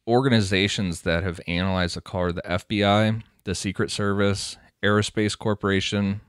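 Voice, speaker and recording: Deep smooth-voiced male podcaster. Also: little pitch movement, moderate pace, dry recording, clean studio sound. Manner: reads quotes from research aloud. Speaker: podcast co-host. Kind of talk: casual chat reading from notes.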